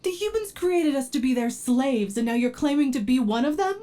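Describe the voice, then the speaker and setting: A woman voicing an obsessive, devoted android with an unstable temper in a whispered role-play, talking softly and pleading, sometimes flaring into anger. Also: fairly high pitch, slow. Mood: indignant. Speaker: ASMR role-play performer.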